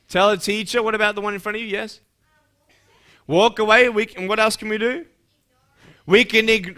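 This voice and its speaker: Aussie guy talking to schoolkids, high bright voice, playful, gets them chanting back. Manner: playful, leads call-and-response chants. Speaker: motivational speaker addressing schoolchildren. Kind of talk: animated interactive talk to kids.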